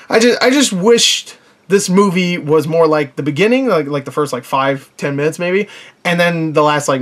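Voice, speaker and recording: A man's voice: sits high, fairly bright tone. A man giving a casual, rambling movie review, with lots of fillers and self-corrections and frequent chuckles.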